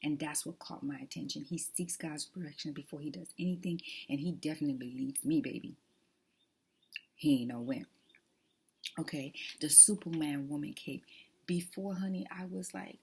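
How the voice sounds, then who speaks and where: A woman's voice: sits low, steady tone, normal speed, creaky, a little mellow, slightly rough. A woman talking casually to her viewers in an emphatic, preachy way, often dropping to a whisper. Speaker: vlogger. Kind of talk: casual testimony chat.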